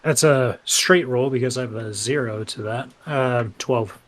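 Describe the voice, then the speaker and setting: A man's voice: medium pitch, unhurried, slight background noise. A man playing in a tabletop game, chatting casually and joking with frequent laughter. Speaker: player.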